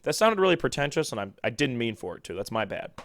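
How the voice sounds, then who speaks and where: Rambling, excitable young sports podcaster man. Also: mid-range voice, fast talker, no echo, studio quality. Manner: rambling, excitable, self-deprecating. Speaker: podcast host. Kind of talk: solo sports podcast talk.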